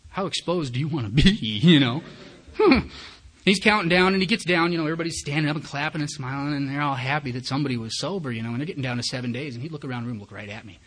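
Husky man telling his recovery story. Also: medium pitch, very fast, hardly any pauses, a bit bright. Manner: candid, self-mocking storyteller who acts out his own thoughts. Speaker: speaker sharing his story at a recovery meeting. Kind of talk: personal recovery testimony told as a story.

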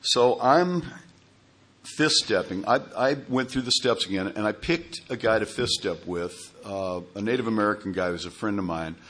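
Low husky man, halting storyteller. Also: a bit bright. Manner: halting, repeats words, many fillers. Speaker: speaker sharing at a recovery meeting. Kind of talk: personal recovery story told to a group.

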